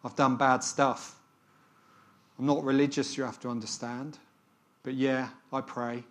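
A man reading the quoted words of an older male shopkeeper who is confessing quietly. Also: medium pitch, level tone, measured pace, natural voice. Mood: confessional. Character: older male outback shopkeeper, regretful and humble.

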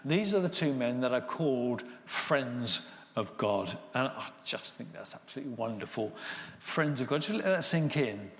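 A man's voice: medium pitch, expressive, normal speed. A man preaching a sermon, retelling scripture in casual paraphrase and acting out the voices. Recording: echoey hall with long reverb.

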